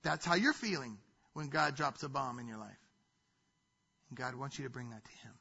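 A man's voice: medium pitch, animated, moderate pace, gravelly, pushed and bright, slightly rough. A man preaching a sermon from a church stage, emphatic and repetitive in his delivery. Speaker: pastor. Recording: dull lo-fi sound.

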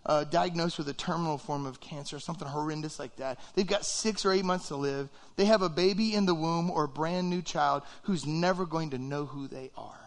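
A pastor giving a conversational, animated sermon, acting out little quoted reactions. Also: male voice, a little high, brisk, hardly any pauses.

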